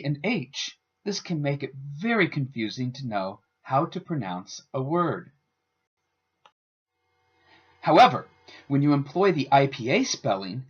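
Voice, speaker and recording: A man giving a scripted instructional narration as a student presenter, with a careful, deliberate teaching delivery. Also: a little high, a bit bright, breathy edge. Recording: dull lo-fi voice-over.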